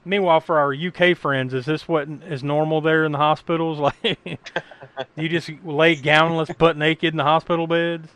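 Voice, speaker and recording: American podcast dude rambling thru a movie recap, cusses a lot, keeps laughing, kinda high voice, dry sound. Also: male voice, fairly even intonation, moderate pace, fairly bright tone, clear, resonant tone, no room sound. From United States. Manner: laughs often, swears casually, rambling. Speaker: podcast host. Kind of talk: casual podcast chat recapping a film.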